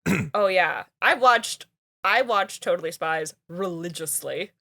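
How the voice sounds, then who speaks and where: A woman's voice: lowish voice, lively intonation, measured pace, creaky, pushed and bright. Chatty woman co-host who laughs a lot. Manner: chatty, laughs often, many fillers. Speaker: podcast co-host. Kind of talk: casual chat.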